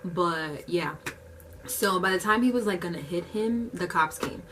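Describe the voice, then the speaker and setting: A young woman vlogger telling a casual story, animated, acting out the quotes and saying "like" a lot. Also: lowish voice, unhurried, distant mic, noisy background. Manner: animated storytelling, heavy use of "like", acts out quotes.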